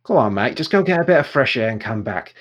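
A man narrating a tabletop game as game master, chatty and excitable when talking with players. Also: medium pitch, quick pace, highs cut off.

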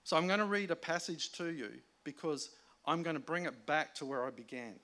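A man preaching a sermon in a conversational way, moving between emphatic points and hushed asides. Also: on the high side, fairly quick. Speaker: pastor.

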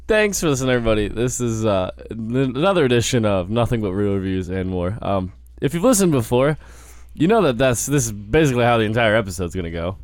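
Hosting a casual movie podcast, a man rambles, interrupts himself mid-sentence and laughs along with friends. His voice is lowish and a little mellow, animated and a little fast with hardly any pauses, captured in a dry recording.

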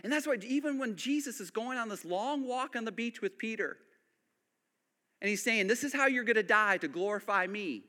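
Bright, animated male preacher. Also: high voice, normal speed. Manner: animated preaching, dropping to hushed emphasis. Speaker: pastor. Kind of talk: sermon.

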